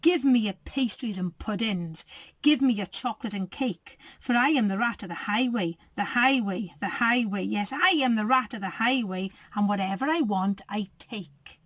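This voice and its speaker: A woman voicing a greedy, swaggering male highway robber rat in a storybook, chanting his boasts. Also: moderate pace, no echo, natural voice. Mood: boastful. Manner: boastful, bossy, sing-song chant.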